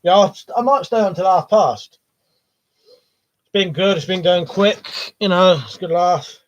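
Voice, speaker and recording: A man with a slightly raised pitch, hosting a live chat stream in a loose, joking way. He reads out viewer messages and answers them off the cuff, cursing freely. The audio sounds a bit dull and lo-fi. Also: unhurried. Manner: reads out viewer comments and chats back casually, swears freely. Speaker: livestream host.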